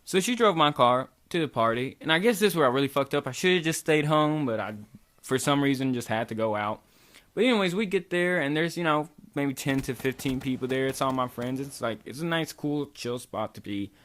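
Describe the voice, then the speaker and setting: A man's voice: mid-range voice, lively intonation, a little fast, fairly bright tone. A young man from Kentucky, casually telling a long, rambling story with lots of swearing. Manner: loose, rambling, swears a lot. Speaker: vlogger.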